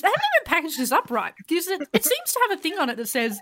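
A woman's voice: very high voice, huge pitch swings, rapid-fire, bright, forceful tone. A woman with a bad cold, co-hosting a casual podcast with playful teasing. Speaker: podcast co-host.

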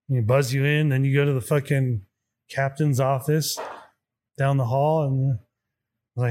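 A man speaks fairly quickly at a medium pitch, telling a story in casual conversation. Swearing freely, he animatedly plays both sides of the dialogue.

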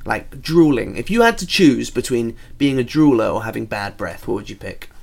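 A man's voice: mid-range voice, lively intonation, normal speed, vocal fry, a little mellow. A man co-hosting a comedy podcast, casually bantering and reading listener letters aloud. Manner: wry, banters, reads out letters. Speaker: podcast co-host.

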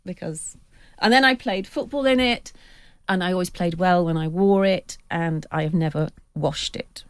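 Lively woman storyteller, low voice, dry sound. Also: normal speed, clean tone, no room sound. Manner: lively storyteller who acts out quoted voices. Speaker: football writer and podcast panellist. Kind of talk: anecdotal storytelling on a podcast.

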